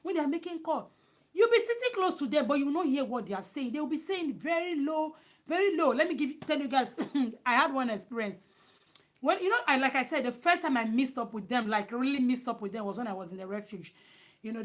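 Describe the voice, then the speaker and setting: Loud, animated Nigerian woman. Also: high voice, brisk. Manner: animated, loud and emphatic, with many restarts. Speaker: vlogger. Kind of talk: casual vlog chat.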